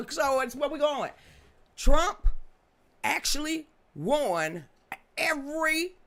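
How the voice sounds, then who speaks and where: A woman's voice: high voice, animated, slow, fairly bright tone. A middle-aged woman hosting a live political commentary stream, talking in a gloating, mocking way and breaking into sing-song chants. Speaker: host.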